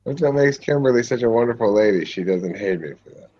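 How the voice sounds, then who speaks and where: A man's voice: mid-range voice, expressive, quick pace, dull audio. A man hosting a casual chat with friends, talking with dry, wry humor. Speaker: host chatting with friends.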